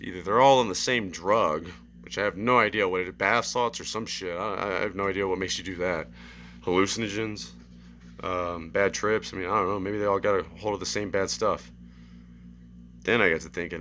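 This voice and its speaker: A man's voice: low voice, slight background noise. A young man rambling through a story in a casual monologue, often asking "right?". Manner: animated, acts out screams and quotes. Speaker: vlogger.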